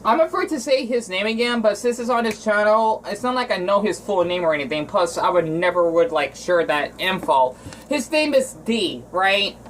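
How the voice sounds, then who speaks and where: A man from Arizona talking in a casual cooking vlog, rambling and emotional, with frequent restarts and halting phrases. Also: high voice, animated, fairly bright tone, slight background noise, low-quality recording. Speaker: vlogger.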